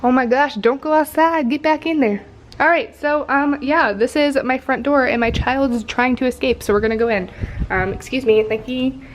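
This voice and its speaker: A woman's voice: sits high, steady tone, normal speed, slight background noise. A young woman vlogger giving a casual tour of her apartment, chatty and rambling with lots of ums and likes. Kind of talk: casual home tour vlog. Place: apartment indoors.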